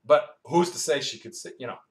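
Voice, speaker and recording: A man's voice: on the high side, a little fast. Man preaching in an echoey room. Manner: quizzes the congregation, asks and answers its own questions; conversational, with asides and storytelling. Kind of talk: Bible-teaching sermon. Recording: roomy echo.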